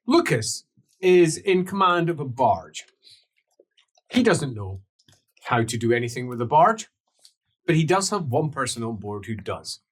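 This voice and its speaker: A man narrates a tabletop game as game master. He talks slowly, and his pitch rises and falls a lot. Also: slightly rough. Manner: unhurried, animated narration.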